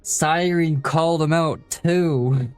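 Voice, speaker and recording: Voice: mid-range voice, takes it slowly, a little mellow, clean tone, faint music behind. A streamer casually reacting to a game's story, laughing often. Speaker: streamer playing a game. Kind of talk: casual let's-play commentary.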